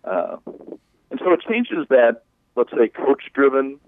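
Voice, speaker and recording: A folksy man explaining coaching work down a thin, tinny phone line, sounding dry and close. He talks in a relaxed, conversational way, slipping into little acted-out quotes. His pitch sits at an ordinary middle height. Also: slow, no echo. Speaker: leadership coach. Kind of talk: explaining in an interview.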